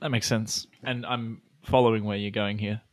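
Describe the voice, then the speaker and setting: A man playing a tabletop game, speaking in a dry, low-key way. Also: flat delivery, moderate pace. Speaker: player.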